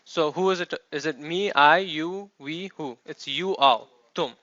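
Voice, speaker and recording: A man's voice: a little high, unhurried, sharp tone, no echo. A man teaching a classroom lecture, explaining step by step and checking in with his students. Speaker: Arabic teacher. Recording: dull, dry classroom recording.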